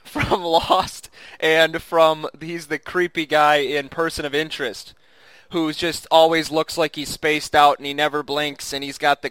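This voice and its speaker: Chuckling man, bright clear voice. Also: fairly high pitch, no echo. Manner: chuckles often, rambling with restarts. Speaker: podcast co-host. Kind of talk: casual chat.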